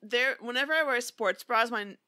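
Young female co-host, giggly and frank, bright voice, dry room. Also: a little high, brisk, no echo. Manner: giggly, candid, laughs often. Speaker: podcast co-host. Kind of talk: casual chat.

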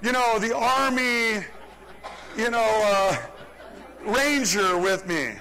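A man, a pastor, preaching and telling a story in a lively, chuckling way during a church service. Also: high voice, takes it slowly, a faint crowd. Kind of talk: sermon storytelling. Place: church service, large room. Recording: live church recording with long hall reverb.

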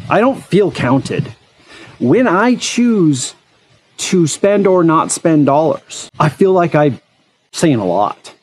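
A man's voice: fairly high pitch, sing-song, slow pace, a little mellow, slight background noise. A man hosting an eFoil channel, talking frankly in a casual monologue and telling personal stories.

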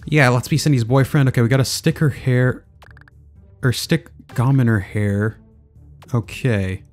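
A man giving casual let's play commentary, muttering as he thinks aloud. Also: medium pitch. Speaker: gaming video creator.

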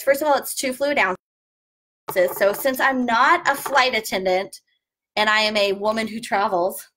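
A woman's voice: fairly high pitch, fairly bright tone. Chatty woman unboxing a subscription box. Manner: chatty, jokey, explains tips. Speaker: former flight attendant, subscription box reviewer. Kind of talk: casual unboxing review.

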